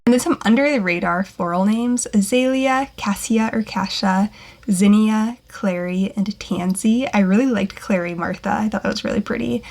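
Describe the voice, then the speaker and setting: A young woman talks through baby name ideas in a casual, upbeat vlog. Her delivery is chatty and loose, full of little fillers, at a middle pitch for a woman. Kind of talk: casual talking-head vlog.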